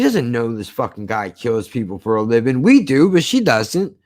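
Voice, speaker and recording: Male reviewer, loose vlog rant, heavy swearing, lively storytelling. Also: mid-range voice, normal speed, hardly any pauses. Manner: swears constantly, animated storytelling. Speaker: show reviewer. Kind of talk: casual profane rant.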